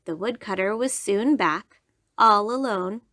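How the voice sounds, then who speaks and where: Slow, lilting woman reading a storybook. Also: mid-range voice, a bit bright, no echo, clean studio sound. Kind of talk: children's storybook read-aloud.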